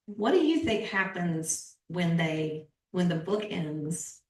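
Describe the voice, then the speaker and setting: A woman's voice: fairly low pitch, very animated, slow, a little mellow, distant mic. Hesitant woman interviewer, echoey room. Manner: hesitant, with many fillers. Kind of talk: casual chat. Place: bookstore event space.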